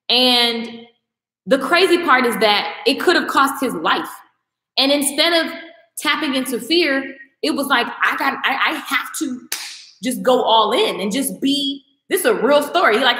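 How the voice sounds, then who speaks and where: High, bright-voiced woman ranting emphatically. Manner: emphatic and preachy, with mocking quoted asides. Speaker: vlogger. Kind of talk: passionate rant to camera. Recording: echoey room with long reverb.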